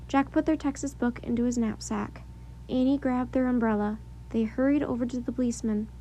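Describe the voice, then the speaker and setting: A woman narrates a children's story with lively expression. She has a high voice with a mellow, soft timbre. She reads steadily and keeps her listeners engaged. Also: brisk, muffled recording, slight background noise.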